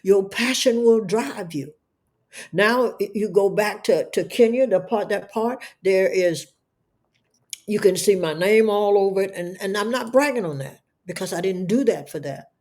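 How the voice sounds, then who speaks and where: A woman's voice: medium pitch, unhurried, a little mellow. A middle-aged woman telling an emotional testimony as an interview guest, speaking in a fervent, preacher-like way and often repeating words. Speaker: guest, entrepreneur.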